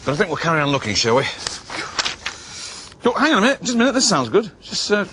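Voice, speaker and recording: A man's voice: sits high, fairly bright tone, a little hiss or hum. A man presenting a children's puppet show in a chatty, jokey, exclaiming manner.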